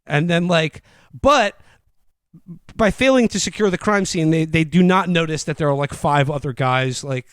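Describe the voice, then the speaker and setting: A man's voice: fairly high pitch, moderate pace, clear, resonant tone, dry recording. A man co-hosting a podcast, recapping a film in a rambling, joking way and mock-quoting its lines. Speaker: podcast co-host. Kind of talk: casual comedic movie recap.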